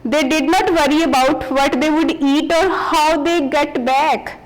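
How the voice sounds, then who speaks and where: A woman's voice: sits high, fairly even intonation, unhurried, poor audio. A woman teacher reads a textbook story aloud and explains each sentence in simpler words. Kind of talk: reading and explaining a textbook chapter.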